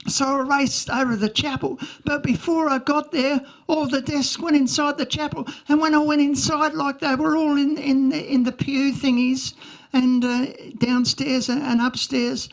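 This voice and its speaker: A woman's voice: high voice, level tone, normal speed. A woman playing an earnest young schoolchild in a comic monologue, rambling with lots of "like" and childish grammar slips.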